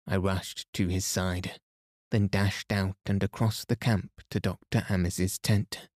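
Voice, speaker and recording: Man, sleep podcast reader, soft and calm, very slow, low voice, dry close mic. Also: dry recording. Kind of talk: slow bedtime story narration.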